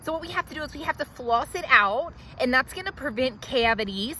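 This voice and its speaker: A woman's voice: high-pitched, expressive, fairly quick, bright, forceful tone, a little hiss or hum, low-quality recording. A woman playing an entitled, self-righteous woman who rambles indignantly through her complaints in a comedy sketch. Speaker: comedic character monologue. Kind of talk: comedy sketch monologue to camera.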